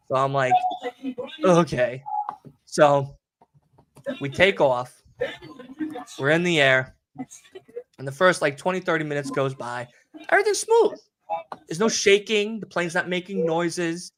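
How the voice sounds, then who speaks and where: Young New York guy, podcast host, rambling and swearing, voice on the higher side. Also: a little slow, pauses often, slight background noise. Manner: rambling, profane, animated storytelling. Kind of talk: casual chat.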